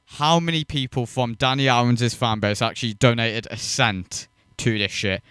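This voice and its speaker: A man's voice: mid-range voice, steady tone, normal speed, a bit bright, smooth, no echo, studio quality. A man hosting a reaction video, mocking and swearing as he rants in scornful commentary.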